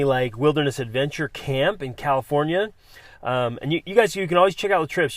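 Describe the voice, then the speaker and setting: A man's voice: mid-range voice, no echo. An enthusiastic man in his forties, hosting a motivational talk and telling an adventure story with many restarts. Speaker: podcast host.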